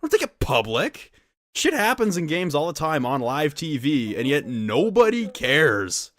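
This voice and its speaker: A man's voice: on the high side, measured pace, a crowd in the background. A man co-hosting a podcast, ranting casually with lots of swearing. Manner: profane, animated ranting. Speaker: podcast co-host.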